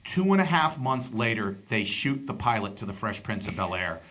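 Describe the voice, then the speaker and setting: A man's voice: fairly low pitch, normal speed. A man hosting a podcast, telling a story in casual chat and acting out the people in it. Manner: animated storyteller, acts out quoted people. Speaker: podcast host and stand-up comedian.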